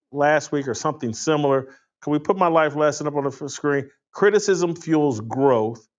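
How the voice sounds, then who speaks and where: A man's voice: a little high, darkish tone. A man hosting a casual panel talk, lecturing in a preachy way. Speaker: host. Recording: dull lo-fi sound.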